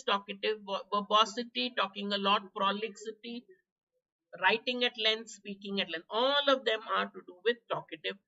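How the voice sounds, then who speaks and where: Woman, Indian English accent, hoarse exam-prep teacher; bright, high voice, muffled stream audio. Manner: chatty, quizzing students by name, coughing. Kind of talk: live online vocabulary class.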